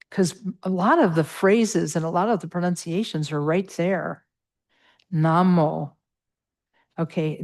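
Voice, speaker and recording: A woman's voice: fairly low pitch, a little mellow. A middle-aged woman teaching a Buddhist meditation class, patiently walking through pronunciation with many fillers.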